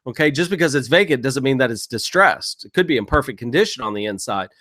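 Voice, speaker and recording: A man gives a screen-share tutorial on real estate software, casually coaching viewers through sample phone calls. He talks fast in a mid-range voice with lively intonation.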